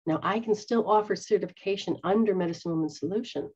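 A woman's voice: mid-range voice, fast, a little mellow, slightly rough. A woman who is a psychic medium and spiritual teacher, talking earnestly to her followers and acting out quoted voices. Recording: dull lo-fi sound.

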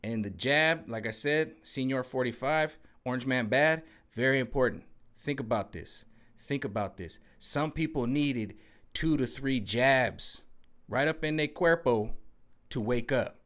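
Brief: male vlogger, animated sarcastic monologue, mid-range voice. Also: mid-range voice, a little slow. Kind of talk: ranting political commentary monologue.

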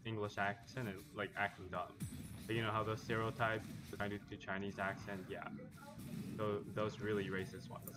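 Chatty gamer man, lowish voice. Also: little pitch movement, moderate pace, over loud music. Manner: chatty, laughs often, trails off quietly. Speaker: streamer playing a video game. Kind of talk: casual chat while gaming.

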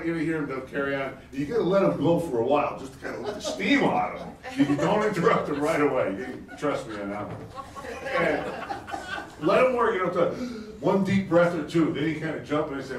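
A middle-aged man giving a live conference talk in an animated, excitable way, laughing as he speaks. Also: on the high side, normal speed, crowd noise. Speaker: conference speaker, energy advocate. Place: conference hall. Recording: roomy hall, distant mic, faint ambience.

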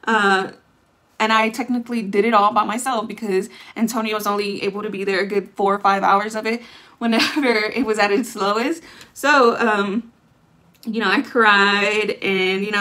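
Bright and forceful, a young woman's mid-range voice stays steady at a normal speed as she vlogs a long story. Her chatty telling is full of fillers and reenacted quotes.

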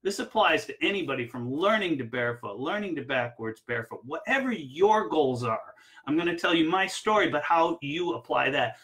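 A man teaches barefoot water skiing through personal stories, talking with energy and frequent ums and uhs. His voice sits a little high and sounds bright and forceful. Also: normal speed, low-quality recording. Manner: energetic, anecdotal, with frequent fillers. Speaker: barefoot water ski coach. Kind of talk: instructional talk with personal stories.

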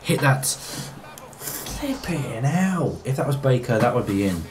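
A young man giving excitable, casual commentary while playing a football game, arguing back at the screen and laughing. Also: mid-range voice, quick pace, a crowd in the background. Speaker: gaming YouTuber.

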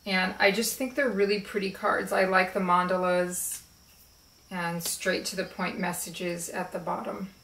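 Slow-talking woman in an echoey room. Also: fairly low pitch, creaky, distant mic. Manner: slow, relaxed, chatty, with fillers. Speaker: spiritual video creator. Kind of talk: casual show-and-tell chat. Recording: roomy echo, voice a bit off-mic.

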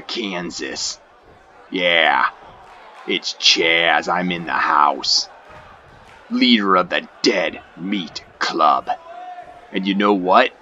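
A man voicing a brash, boastful male wrestler who leads a heel club, taunting his rival with growled shouts. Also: sits low, lo-fi sound, a little hiss or hum, exaggerated voice. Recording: game crowd and music behind.

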